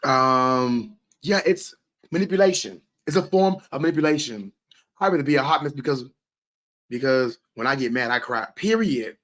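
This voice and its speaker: A mid-range, animated voice with a fairly bright tone, moving at a moderate pace: a man hosting a casual livestream and reacting to what viewers comment. His talk is forceful, repetitive and laced with profanity.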